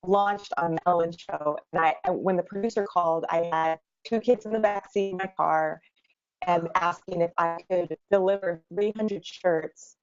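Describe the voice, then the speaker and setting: Low-voiced woman telling her story. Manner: animated, quick storytelling with laughs. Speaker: guest entrepreneur. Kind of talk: interview storytelling. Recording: dull lo-fi sound.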